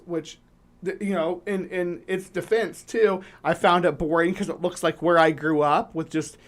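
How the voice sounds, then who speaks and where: A woman hosting a casual livestream chat, rambling and restarting her sentences with lots of fillers. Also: fairly low pitch. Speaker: livestream host.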